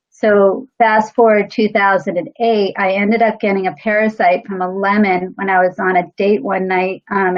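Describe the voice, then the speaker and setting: A woman host telling her own story in a casual, earnest way, with many fillers, before introducing a guest. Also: medium pitch. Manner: earnest, with frequent fillers and light laughs. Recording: dull lo-fi sound.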